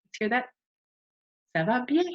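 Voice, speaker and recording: A woman's voice: a little high, sing-song, a little slow. A woman teaching a beginner language lesson, patiently modeling phrases and asking the listener to repeat them. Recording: dull lo-fi sound.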